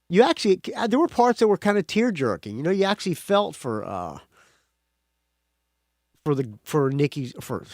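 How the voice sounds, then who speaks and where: A man's voice: high-pitched, dry recording, studio quality. A male podcast host giving a casual movie review monologue, blunt and profane, with frequent restarts.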